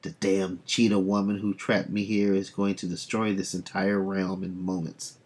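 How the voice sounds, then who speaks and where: A man's voice: low voice, flat delivery, moderate pace, darkish tone. A man voicing a grave, ancient male sea god, reading solemn archaic lines from a comic.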